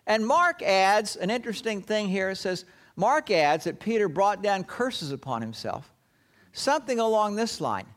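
A man preaching a sermon, retelling a story with dramatic pauses and acting out the quoted lines. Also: high-pitched, lively intonation, a bit bright.

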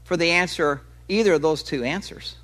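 A man's voice: fairly high pitch, moderate pace, fairly bright tone. A male preacher giving a sermon in a conversational way. He explains with everyday examples and stretches key words for emphasis.

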